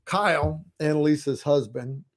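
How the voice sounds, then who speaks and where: A man hosting a livestream, chatting in a relaxed, rambling way. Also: on the high side, unhurried. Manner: relaxed, rambling, many fillers. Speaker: host. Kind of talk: casual livestream chat.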